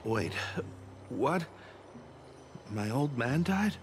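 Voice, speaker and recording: An actor playing a harried young man who sounds flustered and defensive in game dialogue, with clear game music underneath. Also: medium pitch, sing-song, drawn-out words, noisy background.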